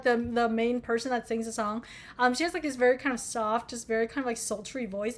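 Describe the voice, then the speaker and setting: Young american woman rambling about music, lots of swearing, voice on the higher side. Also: a bit bright. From United States. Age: young adult. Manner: rambling, profane, self-mocking. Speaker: vlogger. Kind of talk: casual chat.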